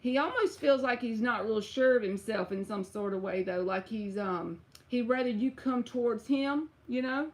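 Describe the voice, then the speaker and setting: A woman's voice: on the high side, normal speed, hardly any pauses, a little mellow. A woman giving a casual, chatty tarot reading on a live stream. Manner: casual, chatty, uses y'all and bruh. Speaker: tarot reader.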